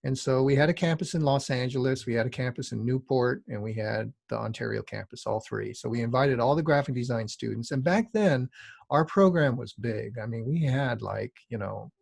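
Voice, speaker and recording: A middle-aged man with a gravelly edge to his voice, lecturing a class in a loose, conversational way. His pitch sits in an ordinary middle range, and the sound is dry and close. He wanders into asides as he teaches. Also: moderate pace, a little mellow, no room sound. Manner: rambling, conversational, frequent asides. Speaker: design teacher. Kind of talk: lecture with casual storytelling.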